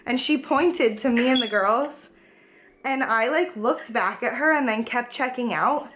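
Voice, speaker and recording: A woman's voice: fairly high pitch, unhurried, noisy background. A young woman telling a story in a casual vlog, chatty with lots of fillers, a little out of breath from a cold. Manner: chatty, many filler "like"s, indignant retelling. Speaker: vlogger.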